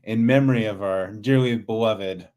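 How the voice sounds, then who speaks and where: A man's voice: fairly low pitch, moderate pace, darkish tone. A man co-hosting a podcast, chatting casually and easygoing, mostly chiming in with short agreeing replies. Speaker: podcast co-host. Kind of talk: casual chat.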